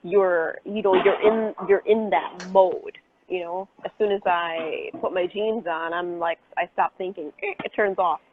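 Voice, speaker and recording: A woman's voice: fairly low pitch, fairly even intonation, unhurried. A woman guest in a casual chat, talking hesitantly and leaning on many fillers. She comes through a thin, phone-like video call with a faint hiss underneath. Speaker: chocolatier guest.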